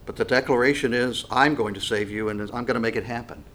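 A man's voice: mid-range voice, fairly even intonation, fast, fairly bright tone, a little hiss or hum. Earnest male preacher, conversational. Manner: earnest, conversational preaching with many restarts and fillers. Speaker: pastor. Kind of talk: sermon.

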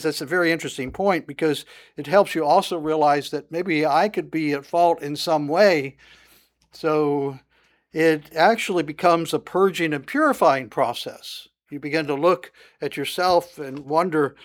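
Man, Bible teacher, slightly raised pitch, chatty sermon full of "uh" fillers, leans into the verses. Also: normal speed. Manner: conversational, frequent "uh" fillers, rising emphasis on scripture.

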